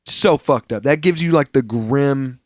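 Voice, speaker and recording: Young man, podcast co-host, casual chat, lively storyteller, slangy and profane, close dry mic. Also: mid-range voice, unhurried, dry recording. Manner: animated storytelling, acts out quoted characters; swears freely, slangy.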